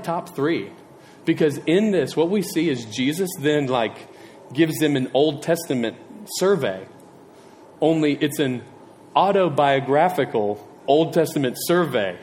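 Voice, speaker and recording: A man's voice: mid-range voice, darkish tone, a little hiss or hum. A male preacher giving a casual sermon, chatty and rambling, with self-deprecating digressions and questions to the congregation. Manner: chatty, asks the audience questions.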